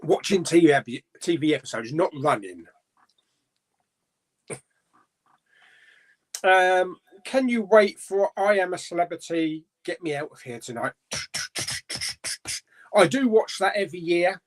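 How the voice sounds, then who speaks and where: A man's voice: high-pitched, animated, a little slow, pauses often. A man hosting a casual live chat, reading out viewer comments in an easygoing, chatty way with frequent little laughs. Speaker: host of a live chat stream.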